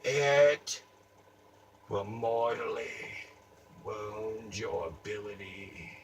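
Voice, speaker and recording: A man doing an improvised comic monologue, taunting someone in a theatrical voice that swings from mutters to shouts. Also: fairly low pitch, fairly even intonation, very slow. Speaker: comedic performer. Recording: distant mic, faint ambient noise.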